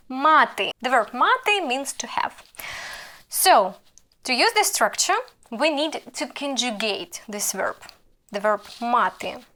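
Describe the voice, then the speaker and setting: A woman with a Ukrainian accent, a native Ukrainian speaker, teaching an online language lesson with slow, careful explanations and drawn-out example phrases. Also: high-pitched, fairly bright tone.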